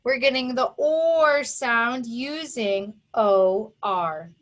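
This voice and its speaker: A woman teaching a phonics lesson to young children, who sounds out each sound and syllable with slow, careful emphasis. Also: a little high. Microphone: recorded for an online video lesson.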